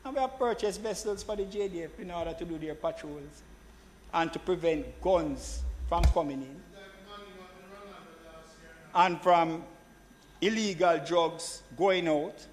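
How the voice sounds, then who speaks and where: High-voiced senator, chamber echo. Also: male voice, a little slow, pauses often. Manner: emphatic, repeats phrases, addresses the chair. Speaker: government senator. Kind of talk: parliamentary debate speech. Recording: long reverb of a chamber hall.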